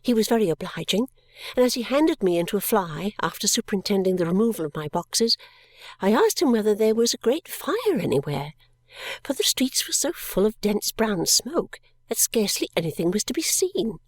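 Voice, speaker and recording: A woman narrates a classic novel in a tender, emotive reading. Her mid-range voice slips into soft whispered touches at moments of feeling. The recording is dry and close, with no room sound. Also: medium pitch, big pitch swings, moderate pace, no room sound. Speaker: audiobook narrator.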